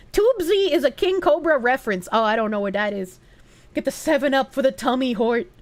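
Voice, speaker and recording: A young woman chats loosely with her stream, reading out donations and thanking supporters. Her voice sits a little high. It sounds dry and close, with cheerful swearing throughout. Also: a bit bright, dry recording. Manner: reads donation messages aloud, thanks supporters, swears casually. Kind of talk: casual livestream chat.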